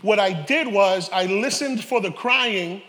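A man preaching a sermon, animated, with joking asides and shouted peaks. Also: sits high, unhurried. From New York, Harlem. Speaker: pastor. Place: church sanctuary. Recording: reverberant church hall.

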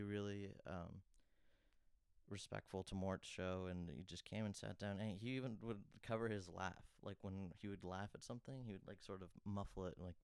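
A young man with a low, gravelly voice recounts a story in a loose, chatty way, leaning on "like" and "you know." His tone stays flat and smooth. The sound is dry and close. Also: no echo. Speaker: comedian guest telling a story. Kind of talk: casual storytelling.

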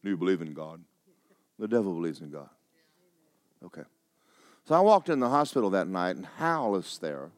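A man's voice: low voice, very animated, moderate pace, long pauses, no echo, studio quality. A man preaching a sermon as pastor, telling a story with emphatic, rising delivery.

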